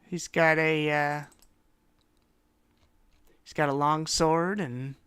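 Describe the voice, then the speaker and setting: A man's voice: on the high side, steady tone, slow pace, fairly bright tone, clean tone. A man narrating as game master in a casual, rambling way. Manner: casual, rambling, filler-heavy.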